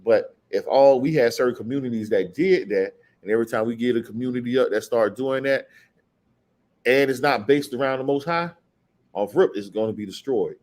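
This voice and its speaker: A man leading an informal scripture study speaks with a mid-range, everyday voice. He chats in a loose, offhand way and reads verses slowly and with weight. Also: mid-range voice, a little mellow. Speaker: Bible teacher. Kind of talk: casual scripture study talk.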